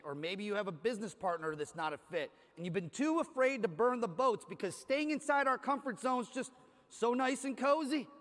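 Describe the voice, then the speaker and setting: A man's voice: sits high, fairly bright tone. A man from Cleveland giving a motivational keynote on a conference stage, telling a story with energy and acting out the dialogue. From Cleveland, Ohio. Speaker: conference speaker. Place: large conference hall stage. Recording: hall reverb from stage PA.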